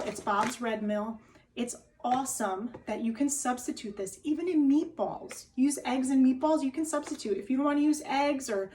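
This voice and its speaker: A woman's voice: on the high side, darkish tone, far from the mic, a little hiss or hum, rough recording. A woman with a New Jersey accent chatting to camera as she demonstrates a recipe at home, often checking in with "okay?". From New Jersey, USA. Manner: chatty, keeps tagging lines with "okay?". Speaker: wellness cooking host. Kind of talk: casual cooking demo to camera. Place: home kitchen, indoors.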